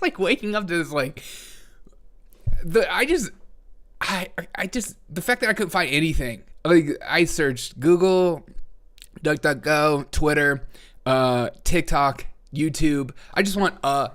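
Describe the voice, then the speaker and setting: A man's voice: on the high side, very animated, takes it slowly, fairly bright tone. A man hosting a comedy news live stream, talking sarcastically and laughing often. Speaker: host.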